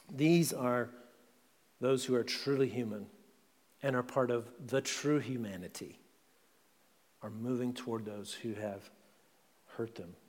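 A male pastor preaching a sermon in a conversational way, often checking in with "right?". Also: medium pitch. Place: church sanctuary. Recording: long church hall reverb.

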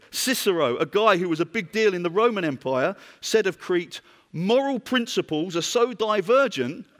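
Man, British accent, preacher, conversational sermon, rather high voice, long hall echo. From Britain. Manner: conversational, asks the congregation questions.

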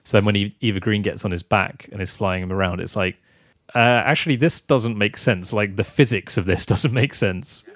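A man's voice: lowish voice, normal speed, fairly bright tone, no room sound. A man chatting casually as a podcast co-host reviewing a film, wry and laughing as he talks. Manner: wry, laughs while talking.

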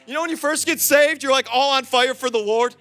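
A young man preaching a sermon, animated, swinging between loud calls and soft asides and talking straight to the congregation. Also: very high-pitched, brisk, soft background music. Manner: acts out quoted voices, chats with the congregation. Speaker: pastor.

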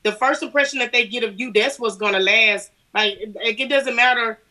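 Young Southern woman, interview guest, bubbly and laughing, higher bright voice. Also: normal speed, poor audio. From Alabama. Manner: lively, laughing storyteller. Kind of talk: casual interview chat.

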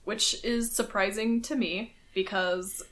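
A woman's voice: medium pitch, fairly even intonation, takes it slowly, a bit bright. A woman co-hosting a podcast in casual chat, chatty and laughing often. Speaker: podcast co-host.

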